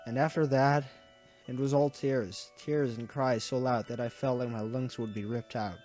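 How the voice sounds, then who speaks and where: A man's voice: mid-range voice, fairly even intonation, moderate pace, darkish tone, soft background music. Tearful young man reading a story. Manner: emotional, earnest narration. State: tearful, voice breaking. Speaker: gaming YouTuber. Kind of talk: reading a visual novel aloud.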